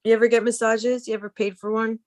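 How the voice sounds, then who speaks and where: A woman's voice: a little high, level tone, fast, darkish tone, no echo. A woman hosting a casual chat, telling easygoing stories and acting out the lines of people in them. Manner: easygoing storyteller, acts out quoted lines. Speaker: podcast host.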